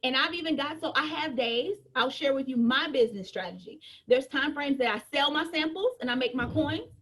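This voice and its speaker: A woman's voice: high voice, animated, fairly quick, fairly bright tone, slight background noise. A woman giving an emphatic, joking business training talk, repeating her points and preaching to her team.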